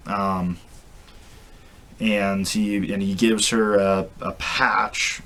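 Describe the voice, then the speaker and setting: A man's voice: on the low side, flat delivery, very slow, fairly bright tone. A man casually retelling a comic book story, rambling with restarts and fillers. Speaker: comic reviewer.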